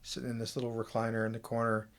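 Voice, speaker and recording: A man's voice: mid-range voice, very fast. Chatty man telling stories on a podcast. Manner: chatty, animated storyteller, many fillers. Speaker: podcast guest. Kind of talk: casual conversation.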